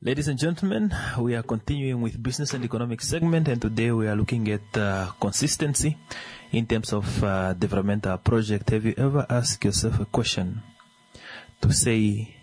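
A man hosting a business segment, asking listeners rhetorical questions with many fillers and a raspy voice. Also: on the low side, moderate pace, a little mellow, rough recording. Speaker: business radio host. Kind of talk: commentary to listeners.

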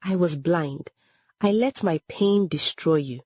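A woman voicing a dying older mother who speaks softly and weakly with regret. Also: fairly low pitch, takes it slowly, breathy edge, no room sound, clean studio sound. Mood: remorseful.

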